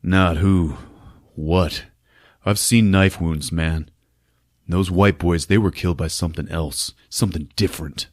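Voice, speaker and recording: A man co-hosting a movie podcast, chiming in with jokes and playing lines from the film in a deadpan way. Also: low-pitched, measured pace, dry recording, studio quality. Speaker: podcast co-host. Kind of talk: casual comedic chat.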